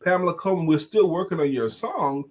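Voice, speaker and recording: A man's voice: fairly high pitch, lively intonation, quick pace. A man co-hosting a casual talk show, playful and teasing, who laughs often and sings bits of songs. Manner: sings lines of a song. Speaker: co-host. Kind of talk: casual chat.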